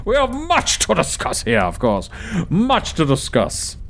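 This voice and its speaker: A man voicing a boisterous, jolly, heavyset bearded man who booms welcomes and repeats himself. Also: wildly swooping pitch, unhurried, creaky, heavy background noise, exaggerated voice. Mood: hearty. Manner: loud, hearty, repeats himself.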